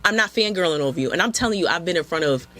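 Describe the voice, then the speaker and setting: A woman guest in a casual interview, telling stories in an animated way and acting out quotes. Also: on the low side, rapid-fire, over music. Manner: animated, acts out quotes with lots of "yo". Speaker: interview guest, film director and photographer.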